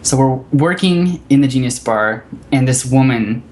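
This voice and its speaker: A woman with a low voice swings her pitch widely as she tells her stories with dramatic relish. A faint rumbling noise sits behind her. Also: normal speed. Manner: excitable, dramatic storyteller. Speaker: podcast guest. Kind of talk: casual chat, anecdote telling.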